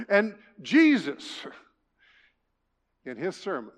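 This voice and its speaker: An older man preaching a sermon as pastor, telling folksy stories with jokes and dropping to a soft hush. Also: high-pitched, lively intonation, a little slow. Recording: long reverb of a large hall.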